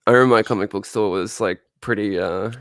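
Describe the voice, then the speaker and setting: A man's voice: on the low side, fast, over a noisy crowd. A man chatting casually, giving short agreeing replies and laughing easily. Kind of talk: casual chat.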